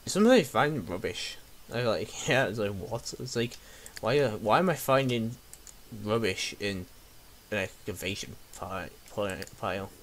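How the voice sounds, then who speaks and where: A man's voice: lowish voice, animated, measured pace, slight background noise. Rambling young man gaming. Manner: rambling, jokey, talks to the game characters. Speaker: gamer. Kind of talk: casual let's play commentary.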